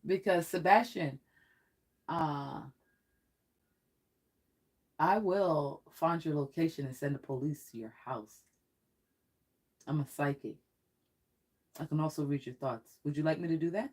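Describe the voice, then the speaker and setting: Chatty psychic doing a tarot live stream, mid-pitched voice, rambles on, laughs a lot, gets blunt with trolls. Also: unhurried, long pauses, darkish tone, breathy edge. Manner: rambling and talkative, often laughing; blunt and threatening toward trolls. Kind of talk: casual live-stream chat.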